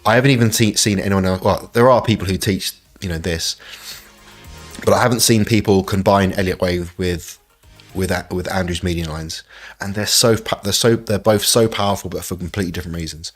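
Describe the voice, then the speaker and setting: An excitable man hosting a live stream and walking through trading charts. He keeps repeating "look" and laughs often. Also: deep voice, a little fast. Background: faint backing music.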